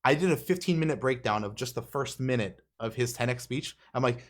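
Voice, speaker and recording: Male interviewer, mid-pitch, relaxed and profane, heavy on "like" and "dude". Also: a little fast, hardly any pauses. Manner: laid-back, swears, says "dude" and "like" often. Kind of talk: casual podcast chat.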